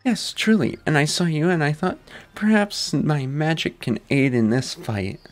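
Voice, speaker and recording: A man reading a scheming, theatrical male magician in a florid, over-polite, mock-British manner, well above his own pitch. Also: measured pace, faint music behind, close to an everyday voice. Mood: smarmy.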